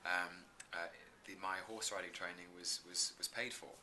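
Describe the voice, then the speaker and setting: A man's voice: sits low, fairly even intonation, moderate pace, bright, forceful tone, slight background noise. A man in his thirties, an actor being interviewed, talking earnestly and effusively with many restarts. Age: 30s. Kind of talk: casual interview chat.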